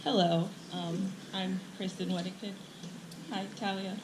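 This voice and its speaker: A woman teacher giving a warm, teasing graduation speech, laughing often and close to tears. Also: mid-range voice, fairly even intonation, unhurried. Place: outdoor ceremony with crowd. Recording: echoey outdoor sound with crowd and noise.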